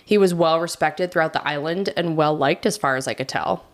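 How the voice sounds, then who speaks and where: Chatty woman co-hosting a podcast, lower voice. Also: fairly quick. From United States. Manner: chatty, self-deprecating asides. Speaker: podcast co-host narrating the case. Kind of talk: casual true crime podcast narration.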